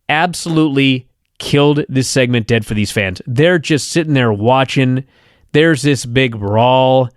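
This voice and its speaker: Podcast host, male, sarcastic profane wrestling recap, higher voice, dry studio sound. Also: clean tone, dry recording. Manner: sarcastic, profane storytelling with quoted bits in character.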